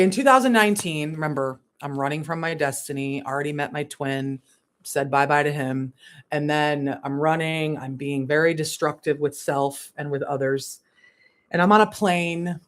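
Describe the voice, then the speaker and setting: This spiritual coach's voice sits low as she speaks candidly on a livestream. She laughs and swears freely, dropping into hushed asides before breaking into emphatic bursts.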